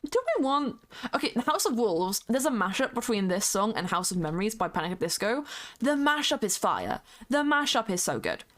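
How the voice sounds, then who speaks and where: A woman's voice: mid-range voice, sing-song, fairly quick, a bit bright. A woman streamer chatting casually with viewers while she plays, greeting them by name and humming along to music. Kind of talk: casual live-stream chat while playing a game.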